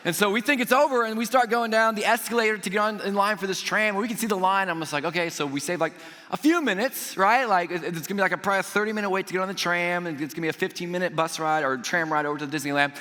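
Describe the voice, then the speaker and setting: A man preaching a sermon, telling a personal story in an animated way, acting out the voices he quotes and adding jokey asides. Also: high-pitched, fast talker, in a large hall. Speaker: pastor. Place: church auditorium.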